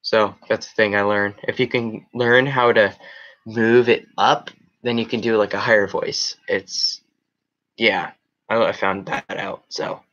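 A man's voice: on the low side, fairly even intonation, a little slow, fairly bright tone, muffled recording. A young man hosting a casual live chat with viewers, rambling with many fillers and restarts. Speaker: show host.

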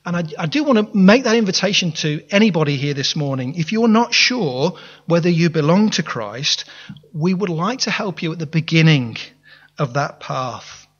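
The pastor's voice sits on the high side, with lively intonation and a normal speaking speed as he preaches in a church hall. He restarts his words often and asks the congregation questions, all with earnest conviction. It's captured in a reverberant hall with dull, lo-fi audio.

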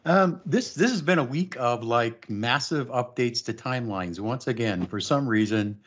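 A man with a husky voice speaking as a panelist in a casual online chat, laid-back and wry. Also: medium pitch, moderate pace, muffled recording.

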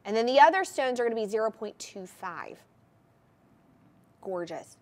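A woman's voice: a little high, big pitch swings, moderate pace, darkish tone. A woman hosting a live TV shopping show, presenting jewelry in an enthusiastic, gushing sales patter. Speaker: shopping channel host.

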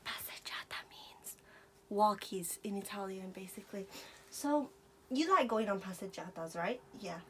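A woman's voice: mid-range voice, animated, normal speed, a bit bright, a little hiss or hum. A young woman vlogger chatting playfully with her dog, slipping into baby talk and laughing often. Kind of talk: casual chat with her pet.

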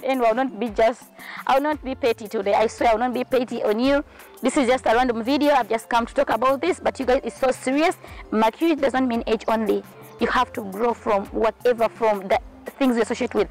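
Woman vlogger, high voice, outspoken and scolding, faint music behind. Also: a little mellow, rough recording. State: sweating in the heat. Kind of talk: casual vlog rant.

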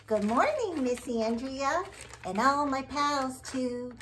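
A woman teaching a circle time lesson to young children, talking in a slow, exaggerated, sing-song way. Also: high voice, lively intonation, fairly bright tone, slight background noise. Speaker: preschool teacher.

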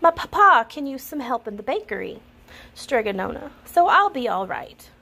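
A woman voicing a loyal, sharp-tongued young baker's daughter who is quick to scold. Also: high voice, very animated, vocal fry, pitched above the performer's own voice, full character voice. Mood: cheerful.

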